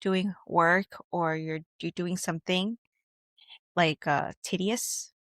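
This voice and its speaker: Animated woman telling stories in chat. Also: lowish voice, takes it slowly, dry recording. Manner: animated storyteller, acts out quotes, laughs. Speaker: podcast co-host. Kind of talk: casual chat.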